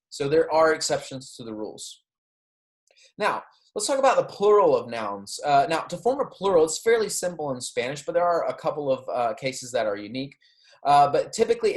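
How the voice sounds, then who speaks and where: A man teaching a Spanish grammar lecture, explaining patiently, checking in often with "okay?" and "right?", and pronouncing the Spanish examples slowly and clearly. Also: medium pitch. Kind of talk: recorded classroom lecture.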